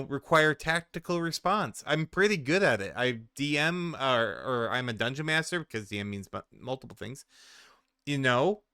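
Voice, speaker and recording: Forties male commentator, ranting and swearing in disbelief; bright, forceful voice, very smooth. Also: medium pitch, no room sound, studio quality. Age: 40s. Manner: exasperated ranting, profane. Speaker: commentary streamer. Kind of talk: reaction commentary.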